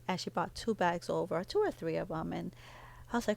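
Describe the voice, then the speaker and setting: A woman's voice: lowish voice, brisk, creaky. Rambling middle-aged woman vlogger. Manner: rambling, heartfelt storytelling. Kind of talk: casual chat while doing nails.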